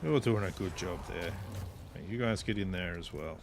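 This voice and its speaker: A man's voice: low-pitched, normal speed, creaky, background noise. An Australian man giving casual commentary while playing a strategy game, chatting, swearing freely and talking to his units. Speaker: gameplay streamer.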